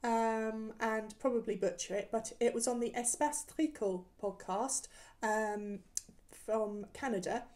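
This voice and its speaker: A woman's voice: on the high side, steady tone, unhurried, a little mellow. A woman hosting a knitting podcast, chatting casually about her projects with many ums and restarts. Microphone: camera recording, showing work.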